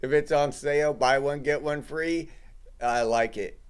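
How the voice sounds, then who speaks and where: A man's voice: a little high, unhurried, smooth. A middle-aged man hosting a casual livestream, chatting loosely and greeting viewers in the chat. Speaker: livestream host.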